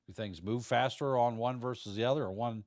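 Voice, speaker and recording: A man's voice: medium pitch, a little fast, darkish tone, no room sound, clean studio sound. A middle-aged man teaching futures trading on a livestream, talking casually in a folksy, rambling way and stumbling over words now and then. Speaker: trading instructor.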